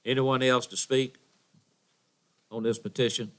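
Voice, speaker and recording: A man's voice: medium pitch, flat delivery, a little slow, fairly bright tone. A man chairing a county board meeting, formal and procedural as he calls on speakers.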